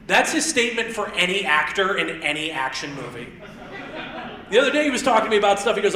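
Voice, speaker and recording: A man in his thirties doing live stand-up comedy on a theater stage, rambling and self-deprecating with quick asides. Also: sits high, expressive, pushed and bright. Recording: roomy theater sound, mic heard from a distance.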